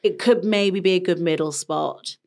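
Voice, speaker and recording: A woman co-hosts a podcast with a somewhat low voice. She reads a listener's letter aloud and then chats about it at an easy pace, with soft exclamations along the way. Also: moderate pace, vocal fry. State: drinking coffee. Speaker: podcast co-host. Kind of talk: casual chat, reading a listener letter.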